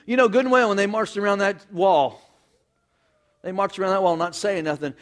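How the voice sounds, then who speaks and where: High-voiced preacher with a folksy, impassioned delivery. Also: male voice, fairly quick. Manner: impassioned, call-and-response, folksy. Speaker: pastor. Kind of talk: sermon.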